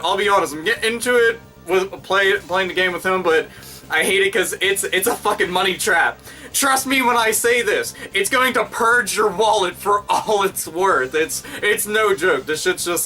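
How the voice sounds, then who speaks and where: A man in his thirties talking casually in a rambling, profane vlog monologue. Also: sits high. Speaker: YouTube vlogger. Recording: bright voice, somewhat distant mic, faint music.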